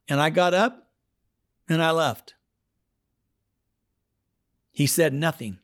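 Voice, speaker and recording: Pastor, male, storytelling sermon, slightly high voice, dry close sound, acts out every quote. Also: slow pace, pauses often, no echo. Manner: animated storytelling, acting out the people he quotes.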